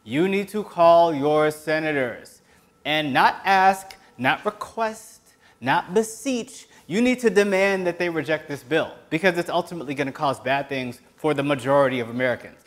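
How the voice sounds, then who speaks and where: A man hosts his own web show, delivering sarcastic political commentary with passion and sometimes yelling. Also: a little high, moderate pace. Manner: impassioned, sarcastic, breaks into yelling. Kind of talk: solo political commentary rant.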